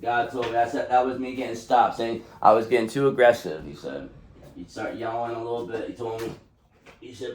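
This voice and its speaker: A man in a mid-pitched voice reads tarot cards in a loose, rambling way. He is blunt and swears freely, and he speaks emphatically, straight to his listener. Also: brisk. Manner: emphatic, talks straight to the viewer. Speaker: tarot reader. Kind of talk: casual tarot card reading.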